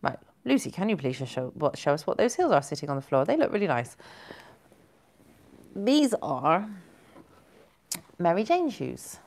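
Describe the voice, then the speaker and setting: A woman's voice: fairly low pitch, very animated, unhurried, vocal fry, long pauses, a little mellow. A woman hosting a casual live stream, chatting and giggling as she reads out viewer comments. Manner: chatty and giggly, rambling with self-corrections.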